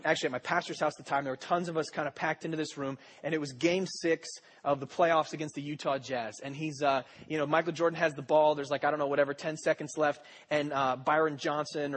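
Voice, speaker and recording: A man's voice: a little high, fairly bright tone, a little hiss or hum. A young adult man preaching a sermon, telling joking stories in a rambling way full of fillers. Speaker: pastor.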